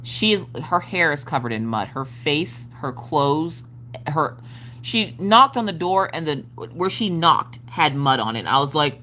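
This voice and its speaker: A woman's voice: low voice, sing-song, unhurried, pushed and bright, slight background noise. A woman hosting a craft live stream, telling a story in a casual, exaggerated way and swearing freely. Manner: acts out family members' voices.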